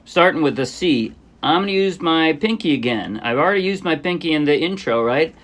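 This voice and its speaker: A man teaching a ukulele song step by step in a relaxed, thinking-aloud way, with fillers and small self-corrections. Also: fairly high pitch, fairly quick. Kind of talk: casual step-by-step music lesson. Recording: ukulele playing under the voice.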